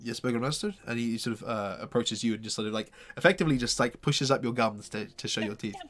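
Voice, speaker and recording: A man's voice: on the low side, fairly even intonation, fast, fairly bright tone, a little hiss or hum. A man narrating as game master of a tabletop game, hesitant and full of fillers. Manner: hesitant, many fillers and restarts.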